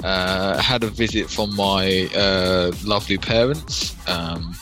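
Lively British man, animated chat. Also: sits low, slow pace, faint music behind. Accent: British English. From Britain. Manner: animated storyteller, acts out quoted voices. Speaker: podcast co-host. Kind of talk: casual chat.

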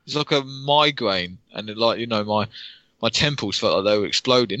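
Lively British man, animated chat. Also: lowish voice, fairly quick, dry recording, dull audio. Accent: British English. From Britain. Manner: animated storyteller, acts out quoted voices. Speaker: podcast co-host. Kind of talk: casual chat.

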